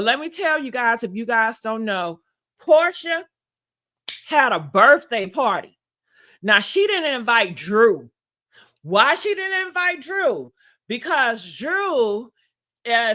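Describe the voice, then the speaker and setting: A woman's voice: fairly high pitch, pushed and bright. A woman hosting a casual celebrity gossip livestream, sassy and messy, talking straight to her viewers and laughing at herself. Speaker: host.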